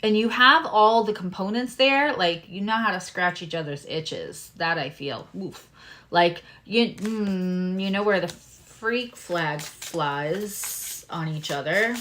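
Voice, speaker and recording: A woman doing a live-stream tarot reading, talking to her viewers with lively exclamations and asides. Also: on the low side, slow pace. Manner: animated, talks to viewers, exclamations. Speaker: tarot reader.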